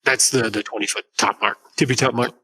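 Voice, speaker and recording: A man's voice: mid-range voice, fairly even intonation, fairly quick, pushed and bright, slightly rough. A man running a tabletop game as game master, explaining rules with fillers and humming to himself between turns.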